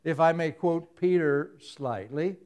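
A man preaching with a somewhat high voice. He keeps it light, tells jokey stories and throws in his own sound effects. He often laughs along with the congregation. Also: takes it slowly, darkish tone, clear, resonant tone. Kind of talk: humorous sermon.

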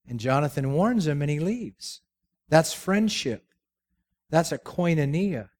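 A man's voice: a little high, lively intonation, a little slow, darkish tone. A man preaching a sermon, telling the story with jokes and rhetorical questions. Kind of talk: sermon with humorous asides.

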